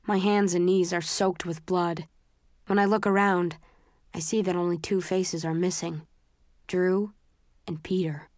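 Brief: woman narrator, low voice, dry close studio sound, understated and tense. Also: steady tone, unhurried, long pauses, a little mellow, no room sound. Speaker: audiobook narrator. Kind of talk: first-person scripted narration.

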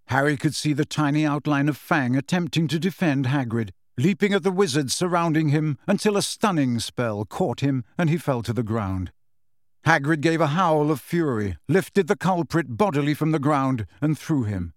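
A man narrating a storybook in a measured, expressive reading, his voice a little higher than most men's. The sound is dry and close, with no room echo. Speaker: audiobook narrator. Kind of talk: scripted narration.

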